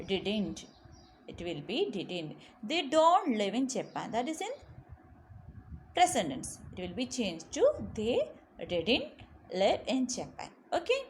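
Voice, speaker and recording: Her pitch is fairly high and her delivery lively as she teaches grammar for a recorded lesson, dropping in frequent "okay"s and brief pauses between points. Example words get strong emphasis, and there's a faint hum of background noise.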